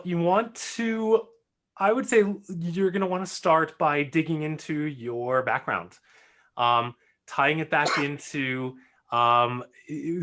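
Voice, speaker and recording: A thoughtful man joins a live Q&A as a guest coach, pausing and restarting before quick bursts of speech. His voice sits a little high. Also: fairly bright tone. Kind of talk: live Q&A chat.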